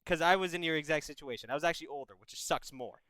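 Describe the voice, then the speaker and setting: Young guy hosting a call-in stream, bright crisp voice, swears a lot, talks to the caller like a big brother. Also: a little high, fast, no room sound, rough recording. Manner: blunt, profane, brotherly advice. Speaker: advice show host. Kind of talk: casual advice chat.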